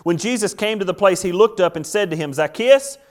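A man, a pastor, preaching a sermon with rhetorical questions and repeated phrases, reading scripture slowly and deliberately. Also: sits high.

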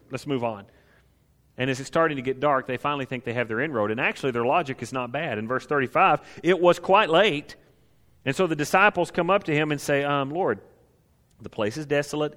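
A man preaching a sermon, talking conversationally with asides and acted quotes, then building to loud, emphatic passages. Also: mid-range voice, in a large hall. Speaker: pastor.

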